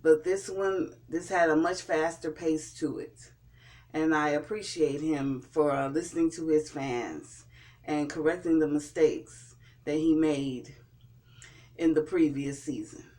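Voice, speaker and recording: A man's voice: a little high, steady tone, measured pace, a little mellow. A man giving a casual spoken recap and review of a TV episode, often repeating and restarting his words. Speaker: TV show reviewer.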